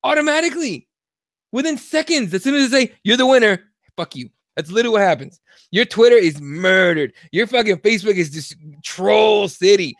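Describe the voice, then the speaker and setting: A young man co-hosting a podcast, talking casually in an animated, profane way and acting out quotes. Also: high-pitched, brisk, dry recording. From Mexico. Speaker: podcast co-host. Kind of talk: casual opinion chat.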